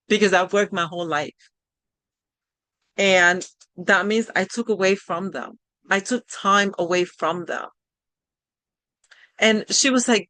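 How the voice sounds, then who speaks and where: A woman's voice: mid-range voice, animated, a little slow, pauses often, a bit bright, dry recording. A middle-aged woman hosting a live coaching session, talking in a conversational, encouraging way with frequent restarts. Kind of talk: live online workshop talk.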